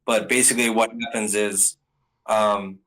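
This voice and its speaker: A man's voice: lowish voice, steady tone, measured pace, fairly bright tone, low-quality recording. A man giving a casual, rambling spoken recap of anime episodes, full of ums and restarts.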